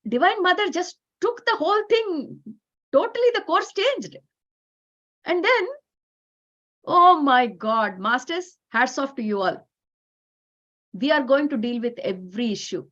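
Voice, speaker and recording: A woman's voice: high voice, a bit bright, dull audio. A woman with an Indian English accent giving an emphatic, repetitive spiritual talk to a women's group over a video call. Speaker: workshop facilitator.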